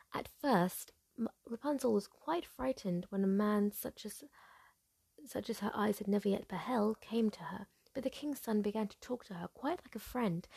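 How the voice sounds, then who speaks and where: Woman, whispered role-play, breathy, close and dry, low warm tone, slight fry. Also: no echo. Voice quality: soft and breathy. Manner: gentle, slow and hushed. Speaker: storyteller.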